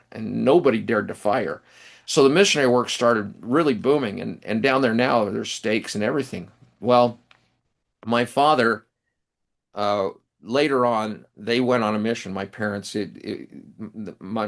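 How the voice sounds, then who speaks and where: A middle-aged man, an author and professor, telling stories in an interview with many restarts and pauses. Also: fairly low pitch. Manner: rambling, halting anecdotes with many restarts. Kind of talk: storytelling in a casual interview.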